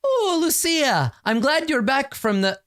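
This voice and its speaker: A woman's voice: very animated, measured pace, no room sound, clean studio sound. A man voicing a fussy, flustered mother of a big poor family who stammers and fawns over a guest. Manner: stammering, fawning, high and fluttery.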